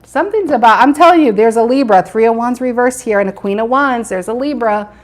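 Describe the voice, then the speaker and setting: A tarot reader doing a live reading chats with her viewers and repeats her questions as she turns the cards. Her voice is on the high side and fairly quick.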